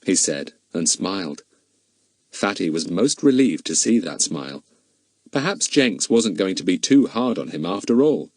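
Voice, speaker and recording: A man narrating a children's audiobook with expressive storytelling. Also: deep voice, moderate pace, dry recording. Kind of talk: scripted narration.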